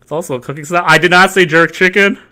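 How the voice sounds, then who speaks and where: A man's voice: high-pitched, steady tone, very fast, pushed and bright. A man streaming a game live, joking, laughing and bantering with his chat.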